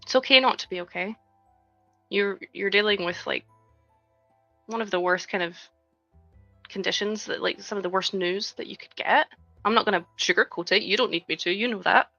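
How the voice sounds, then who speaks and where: A woman's voice: medium pitch, normal speed, vocal fry, long pauses, bright, forceful tone, no echo, lo-fi sound, faint music behind. A woman in her thirties chatting casually on a live stream, reading viewers' messages aloud and talking with lots of "like". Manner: chatty, reads chat aloud, frequent "like". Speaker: livestreaming LEGO builder.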